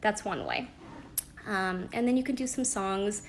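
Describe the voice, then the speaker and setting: Chatty gravelly-voiced young mother. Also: mid-range voice, big pitch swings, unhurried, slight background noise. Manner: chatty, practical, with frequent fillers and soft laughs. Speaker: parenting advice host. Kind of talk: casual live-stream talk. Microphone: phone.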